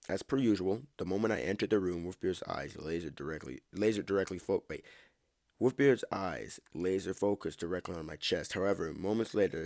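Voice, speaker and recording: Deep, gravelly-voiced man reading a story. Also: darkish tone, no echo, clean studio sound. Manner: stumbles, rereads lines and comments on the text. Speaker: story reader and podcast host. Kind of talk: reading a story aloud with asides.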